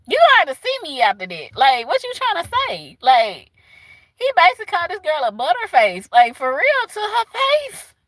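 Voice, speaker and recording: A woman with a Southern US accent chatting casually with her livestream viewers, animated and laughing often. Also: high-pitched, no echo. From southern United States. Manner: animated, laughs often, talks back to chat. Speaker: livestream host.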